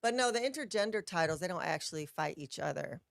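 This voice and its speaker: A woman's voice: on the low side, lively intonation, fast talker, creaky, dry recording, studio quality. A woman co-hosting a casual wrestling chat show, talking in a chatty way and laughing often. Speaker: podcast co-host.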